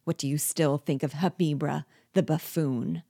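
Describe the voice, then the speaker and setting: A bitter, scheming male dwarf and one-time jester gloats over his captive in a low, dry voice, as a woman reads him aloud from a storybook. He speaks slowly and deliberately, savoring each threat. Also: steady tone, mellow, husky, no echo. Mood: gloating.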